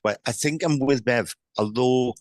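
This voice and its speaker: A man's voice: mid-range voice, no room sound. A man giving a live mediumship reading who stumbles and repeats his words often and passes on spirit messages as quoted speech. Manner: halting, repeats words, many restarts. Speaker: psychic medium.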